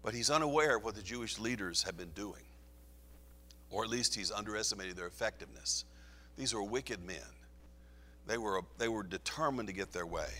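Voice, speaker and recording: A man's voice: fairly low pitch, pushed and bright, in a large hall. A man teaching through a Bible passage, reading scripture aloud with rising emphasis. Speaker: preacher.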